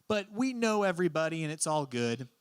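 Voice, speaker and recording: A teenage man telling a story at an open mic, lively and acting out the voices in his quotes. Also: fairly high pitch, fairly quick, smooth. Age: teens. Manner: animated, acts out voices in quotes. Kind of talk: live storytelling.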